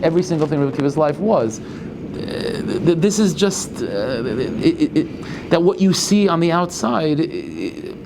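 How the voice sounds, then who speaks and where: Halting, earnest rabbi teaching Torah. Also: male voice, fairly high pitch, gravelly, background noise. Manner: halting, with many restarts and repeated words, thinking aloud. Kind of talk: Torah lecture.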